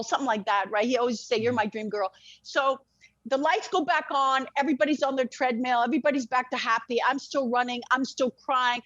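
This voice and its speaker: A woman, an interview guest, telling a very personal story in an animated way, swearing freely and often restarting her sentences. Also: sits high, fairly quick, no echo. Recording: dull lo-fi dry sound.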